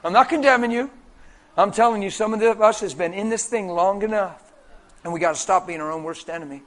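Bright-voiced animated male preacher. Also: sits high, brisk. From Pennsylvania, USA. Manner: animated, swings from soft quoted dialogue to loud exclamations. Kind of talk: sermon with storytelling.

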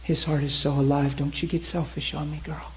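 A man preaching a sermon, telling a story with lively acted-out quotes. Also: a little high, fairly quick, slight background noise. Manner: animated, acts out quoted voices. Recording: muffled lo-fi sermon recording.

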